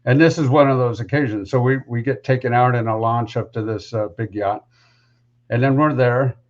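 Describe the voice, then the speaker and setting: A man's voice: medium pitch, normal speed, muffled recording. A man who is a podcast guest, telling a story casually and rambling with lots of asides.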